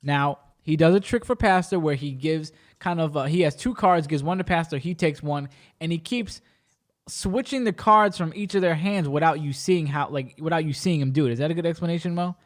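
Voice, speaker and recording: This man hosts a podcast and speaks a little high and fairly quickly. Telling his story in a relaxed way, he gets animated and plays the other characters' voices himself.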